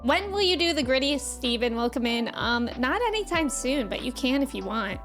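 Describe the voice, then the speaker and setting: High-voiced woman chatting on stream. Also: sing-song, normal speed, a bit bright, soft background music. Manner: chatty and rambling, greets viewers, many "like" fillers. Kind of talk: casual live-stream chat.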